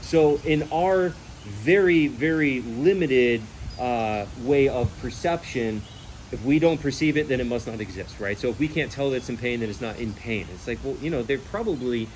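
An earnest male host talking casually and with energy, leaning on imagined scenarios to make his case. His voice sits at an ordinary middle pitch. A faint hiss of noise runs underneath. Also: normal speed. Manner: earnest, animated, uses hypothetical scenarios. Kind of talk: casual animal rescue talk.

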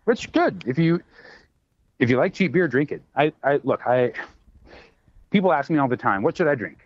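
A man talks shop as a bartender in a loose, rambling way, stacking fillers and restarts as he goes. His voice sits at an ordinary middle pitch. The sound is dry and a touch dull, with no room around it. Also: expressive, moderate pace, no room sound. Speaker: bartender and podcast guest. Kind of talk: casual chat.

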